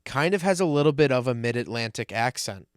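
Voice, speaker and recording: A man's voice: mid-range voice, animated, a little fast, smooth, no echo, studio quality. A young man co-hosting a podcast in a casual, chatty way, full of likes and asides. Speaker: podcast co-host. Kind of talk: casual chat.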